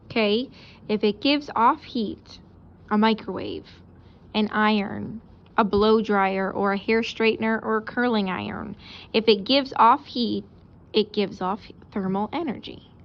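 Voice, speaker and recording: A woman teacher giving a casual recorded lesson, explaining out loud while she sketches examples. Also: mid-range voice, measured pace, muffled recording.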